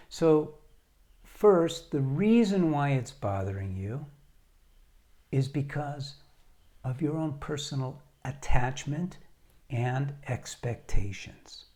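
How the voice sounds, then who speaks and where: A man speaking as a marriage coach, giving earnest, direct advice to the camera with deliberate, emphatic pauses. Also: medium pitch, dark tone.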